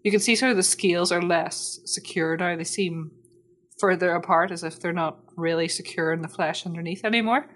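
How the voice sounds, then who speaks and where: A woman narrating as game master of a tabletop role-playing game, relaxed and giggly with many fillers. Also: on the low side, a little fast.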